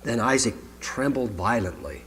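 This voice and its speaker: A man's voice: mid-range voice, expressive, moderate pace, a bit bright, slight background noise. A man giving a conversational sermon to a congregation, reading scripture aloud and adding his own asides. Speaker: pastor. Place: congregation hall. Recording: long hall reverb.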